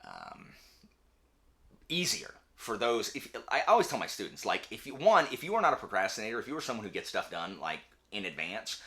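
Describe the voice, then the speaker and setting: A young man hosting a casual chat with his wife, talking in an animated, ranting way with quick asides. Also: mid-range voice. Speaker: channel host; teacher.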